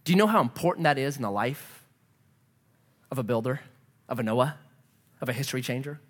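A man preaching a sermon as pastor, earnest and emphatic, dropping to a soft hush as he prays. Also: mid-range voice, lively intonation, brisk. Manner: drops to a soft hush for prayer.

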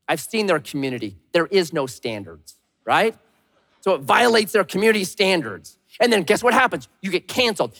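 Animated male pastor preaching in a hall. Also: high voice. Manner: animated, swings from loud to hushed. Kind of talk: sermon.

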